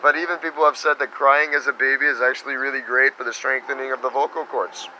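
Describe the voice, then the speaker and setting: A man teaching meditation in a casual spiritual talk, animated and slipping into little quoted voices. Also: mid-range voice, fast, slight background noise, rough recording.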